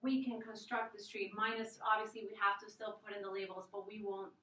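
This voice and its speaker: A woman's voice: medium pitch, flat delivery, a little fast, bright, forceful tone, reverberant, distant mic, rough recording. A young woman, a student presenter, casually explaining an algorithm step by step over slides, with fillers and restarts. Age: young adult.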